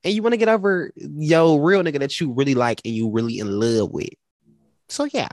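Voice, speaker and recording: A man co-hosting a casual talk show, telling a personal story in a dramatic, animated way and quoting the people in it. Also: on the high side, brisk, dry recording, studio quality. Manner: animated, dramatic retelling with quoted voices. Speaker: podcast co-host.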